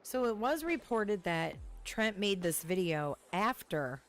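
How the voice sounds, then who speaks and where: A woman hosting a podcast, narrating and commenting in a measured, serious way. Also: mid-range voice, lively intonation. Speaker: podcast host. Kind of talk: true-crime podcast narration.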